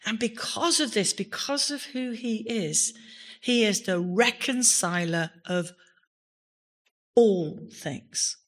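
A woman pastor preaching in church, with a voice of middling pitch. She leans hard on key words and often builds to exclamations. The delivery is a full, emphatic sermon. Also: slow pace.

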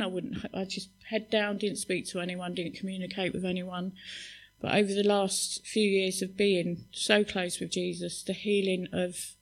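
A woman giving a heartfelt church testimony, halting and restarting as she speaks. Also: mid-range voice, poor audio. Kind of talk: spoken testimony at a church service.

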